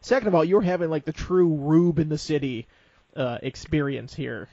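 A man's voice: a little high, moderate pace, dark tone, dry recording, muffled recording. Teasing male podcast host. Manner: teasing, conversational. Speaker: podcast host, football beat writer. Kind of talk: casual podcast chat.

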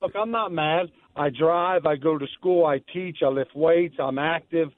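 Man in his late forties, raspy damaged voice, slow and halting, phoning in, a bit high-pitched, narrow tinny phone line. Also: no echo. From Maryland, USA. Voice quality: raspy, weakened voice from injured vocal cords. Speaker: caller, teacher and lacrosse coach. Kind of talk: phone-in chat.

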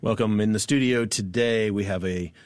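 A man's voice: fairly low pitch, moderate pace, noisy background. A man hosting a radio talk show in a studio, asking guests long questions and laughing easily.

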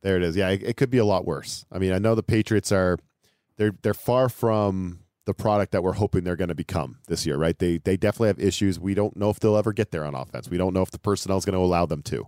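A man co-hosting a casual sports podcast, talking in an animated way with repeated phrases and laughing asides. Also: low-pitched, quick pace, no room sound, studio quality. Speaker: podcast co-host.

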